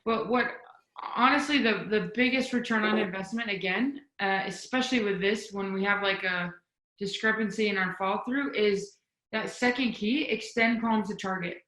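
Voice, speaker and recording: A woman speaking as a volleyball coaching guest on a video call, energetic and emphatic, demonstrating as she talks. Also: medium pitch, moderate pace, echoey room, rough recording. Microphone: video call mic.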